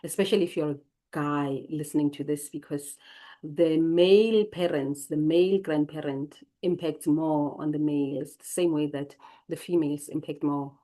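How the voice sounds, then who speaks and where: A woman's voice: low voice, fairly even intonation, normal speed, mellow. A South African woman in her late forties, hosting her channel and sharing family memories in a thoughtful, digressive way, reading lines from her notes and then commenting on them. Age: late 40s. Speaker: channel host. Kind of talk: reflective personal storytelling from notes.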